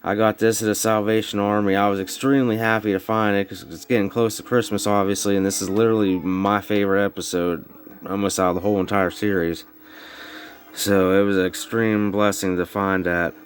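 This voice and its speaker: A man's voice: fairly low pitch, level tone, brisk. A man casually showing off his tape collection at home, rambling with lots of fillers and loose grammar, slightly slurred from snuff in his mouth. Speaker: VHS collector vlogger. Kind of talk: casual show-and-tell. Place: home bedroom.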